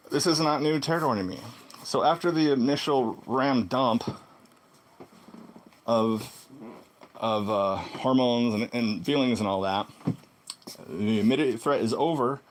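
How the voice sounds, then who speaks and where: A man telling a personal story in a casual vlog monologue, swinging between loud exclamations and low muttered asides. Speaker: vlogger.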